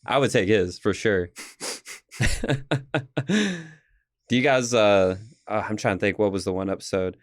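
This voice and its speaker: A young man hosting a podcast in casual chat, relaxed and rambling, often searching for words. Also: fairly low pitch, measured pace, pauses often, dry recording, studio quality. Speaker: podcast host.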